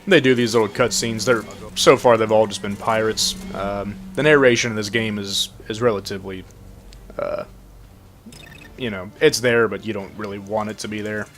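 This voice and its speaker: Laid-back low-voiced male gamer. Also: steady tone, moderate pace, fairly bright tone. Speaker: gameplay commentator. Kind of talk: casual gameplay commentary.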